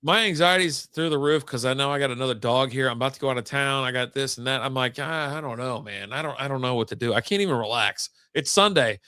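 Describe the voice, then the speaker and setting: A man's voice: mid-range voice, fast talker, hardly any pauses, pushed and bright, clean tone, dry recording, clean studio sound. A man hosting a casual podcast chat, telling a long story with lots of swearing and acted-out quotes. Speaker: podcast host.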